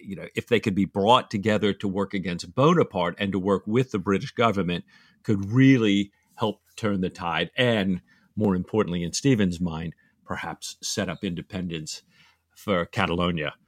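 A man's voice: low-pitched, moderate pace, no room sound, clean studio sound. A man co-hosting a podcast, chatting enthusiastically about a novel, exclaiming and laughing. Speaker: podcast co-host. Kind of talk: casual book discussion.

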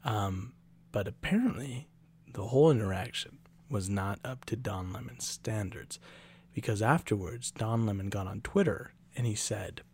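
A man's voice: lowish voice, normal speed, darkish tone, breathy edge. A man co-hosting a podcast in a casual, joking chat, slipping into playful whispers now and then. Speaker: podcast co-host.

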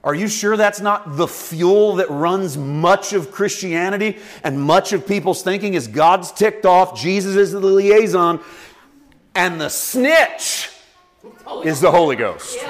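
A man pastor preaching a conversational sermon with lively acted-out asides. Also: high-pitched, a little slow. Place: church.

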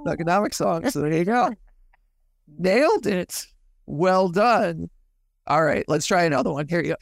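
A man's voice: sits high, lively intonation, unhurried, gravelly, no room sound, clean studio sound. A man hosting a podcast, quizzing his co-hosts in playful casual chat. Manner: playful quizmaster. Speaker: podcast host. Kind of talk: casual chat, reading rap lyrics aloud.

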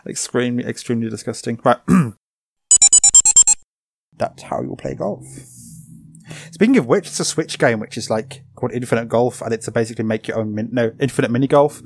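Deadpan man on a voice call. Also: medium pitch, a little fast, gravelly, long pauses, soft background music. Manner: dry, deadpan joking. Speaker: podcast co-host. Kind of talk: casual chat, outtakes. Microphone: home microphone over a voice call.

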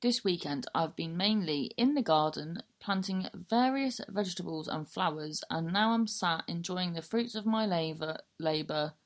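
A woman with a Cornish accent hosting a podcast, chatting casually and rambling, with frequent swearing and self-mockery. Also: fairly low pitch. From Cornwall. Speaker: podcast host.

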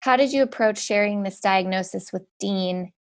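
A woman interviewer asking gentle, sympathetic questions. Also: medium pitch, normal speed.

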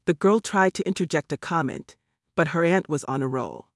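Male narrator, slightly high, dry close sound, measured storytelling. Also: no echo. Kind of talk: audiobook narration.

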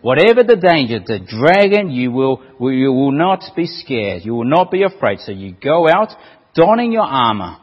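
A man's voice: mid-range voice, big pitch swings, normal speed, in a large hall, lo-fi sound. A man preaching a sermon to his congregation in a playful, storytelling way.

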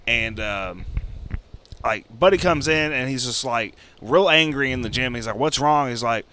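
Young guy podcast cohost, swears a lot, bright voice, rambly storytelling. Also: animated, normal speed, slight background noise. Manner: rambling, swearing, acts out characters with jumps in pitch. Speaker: podcast co-host. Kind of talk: casual chat, retelling a story.

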